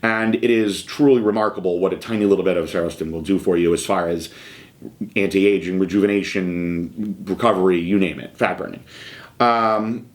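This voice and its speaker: A man in his thirties speaks in a fairly low voice, hosting a podcast. He tells his story frankly and casually, often pausing on fillers. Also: steady tone. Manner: frank, conversational, filler-heavy. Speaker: podcast host.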